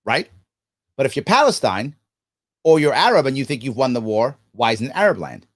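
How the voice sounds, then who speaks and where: A man's voice: medium pitch, very animated, fairly quick. A man hosting a live stream, reading viewer comments and giving emphatic commentary, acting out the quoted voices. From United States. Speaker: host.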